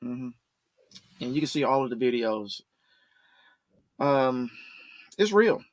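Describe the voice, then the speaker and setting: A man's voice: medium pitch, expressive, slow pace, no echo. A man co-hosting a casual talk show, retelling stories at length and acting out the quoted dialogue. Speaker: co-host. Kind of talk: casual podcast chat.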